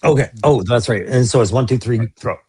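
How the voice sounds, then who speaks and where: A man co-hosting a toy show, arguing mock courtroom cases in an animated, laughing way with theatrical outbursts. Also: medium pitch, fairly quick, breathy edge. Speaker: co-host. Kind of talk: playful mock courtroom banter.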